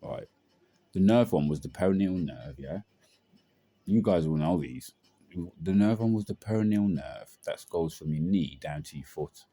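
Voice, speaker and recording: A man's voice: sits low, expressive, normal speed, dark tone, no echo. A young man telling a personal story in a rambling, slangy way with lots of fillers. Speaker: vlogger.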